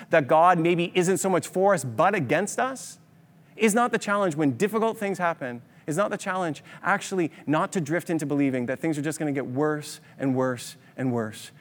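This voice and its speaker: Man preaching, slightly high voice, storytelling with rhetorical questions, long hall reverb. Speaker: pastor. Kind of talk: sermon.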